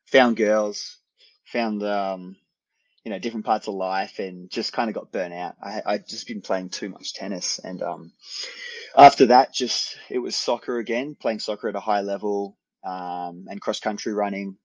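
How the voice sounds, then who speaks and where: Laid-back Australian man, low voice. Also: steady tone, normal speed, dry recording, poor audio. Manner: easygoing, rambling with restarts and laughs. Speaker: podcast guest, endurance athlete. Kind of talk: casual interview chat.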